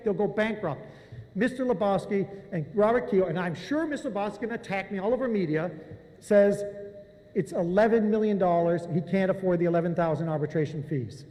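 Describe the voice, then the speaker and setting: A man, a physician, giving impassioned public testimony at a hearing, speaking forcefully and confronting officials directly. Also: high-pitched, brisk, long reverb tail, low-quality recording.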